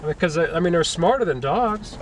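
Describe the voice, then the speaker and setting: A brisk man with a slightly high voice, a vlogger on a camping and gold-dredging trip, tells stories animatedly and acts out what people said. He chats casually and talks solo to camera at an outdoor camp on a wooded mountain hillside, recorded outdoors with the mic at a distance and faint noise.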